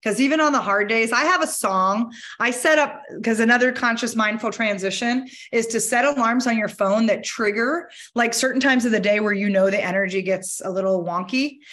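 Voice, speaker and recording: Woman motivational speaker, high-ish voice, energetic and candid, casual delivery. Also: moderate pace, few pauses. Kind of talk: conversational keynote talk.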